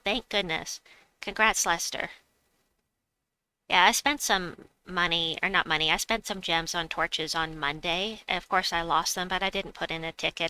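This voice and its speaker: A woman's voice: fairly low pitch, pushed and bright, clean tone, poor audio. A woman streaming a game, chatting casually, reading viewers' messages aloud and laughing often. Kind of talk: casual live-stream chat.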